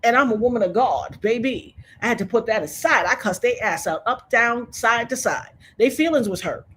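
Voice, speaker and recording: A woman's voice: a little high, lively intonation, moderate pace, slight background noise. A woman guest in an interview, talking in an outspoken, emphatic way. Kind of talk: animated interview talk.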